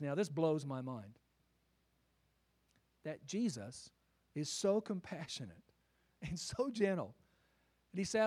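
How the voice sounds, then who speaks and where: A man preaching a sermon, emphatic and rhetorical, swinging from quiet asides to loud declarations. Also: a little high, big pitch swings, measured pace, long pauses.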